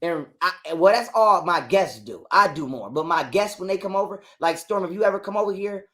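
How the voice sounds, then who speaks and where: A man's voice: high voice, fairly quick, pushed and bright. A man telling a heated, profane story as a guest on an interview show. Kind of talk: casual storytelling.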